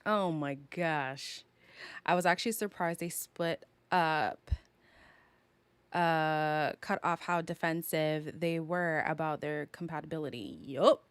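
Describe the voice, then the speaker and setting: Sassy young Canadian woman, slow and dry. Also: low voice, clear, resonant tone, no room sound. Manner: sassy, dramatic, teasing; laughs often. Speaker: live-stream reality TV reviewer. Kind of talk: casual live review chat.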